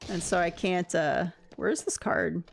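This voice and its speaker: A woman's voice: on the low side, a little slow, vocal fry, a little hiss or hum. A woman streaming a game, chatting casually with her viewers in a rambling way and laughing often. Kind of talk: casual gameplay stream chat.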